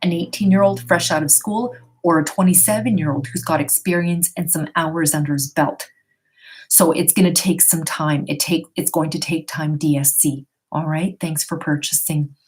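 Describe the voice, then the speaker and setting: A woman's voice: deep voice, fairly even intonation, moderate pace, a little mellow. A middle-aged woman at home giving tarot readings to viewers on a live stream, reading their questions aloud and answering in a chatty, reassuring way. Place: her home. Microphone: computer or phone on a live stream.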